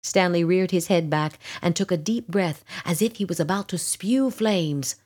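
A woman reading a children's storybook aloud, gentle and expressive. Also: lowish voice, normal speed. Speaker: narrator.

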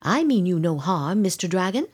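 A woman's voice: fairly low pitch, very animated, normal speed, darkish tone, husky. A woman voicing a courteous, well-mannered young boy fairy in a storybook reading. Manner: courteous and formal. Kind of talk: storybook read-aloud.

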